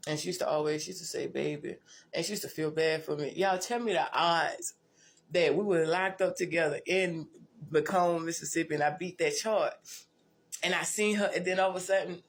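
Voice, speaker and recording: A woman's voice: lowish voice, brisk. A woman tells her life story in a blunt, profane, rambling way, often restarting and repeating herself. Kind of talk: casual storytelling monologue.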